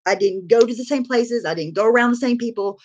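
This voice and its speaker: A woman's voice: fairly high pitch, fast talker, darkish tone, dull audio. A woman talks straight to her livestream chat in a loose, casual way. She is candid and blunt, swears freely, and fills her sentences with "you know" and "like.". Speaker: livestreamer sharing her recovery story.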